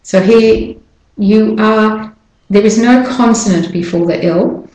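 A woman giving an audio pronunciation lesson, drawing out each model word slowly and carefully. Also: medium pitch, a little mellow, echoey room, poor audio. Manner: slow, careful, drawn-out model words. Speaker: pronunciation teacher.

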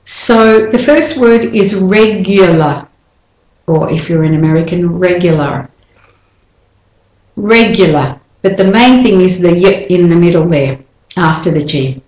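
A woman teaching an English pronunciation lesson, saying words slowly and repeating each one for the listener to copy. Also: lowish voice, expressive, a little mellow, roomy sound, low-quality recording.

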